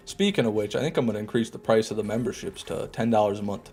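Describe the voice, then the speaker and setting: With faint music in the background, a man with a lowish voice streams a game, talking fast with few pauses. He's relaxed and joking as he reads his chat, often saying things twice.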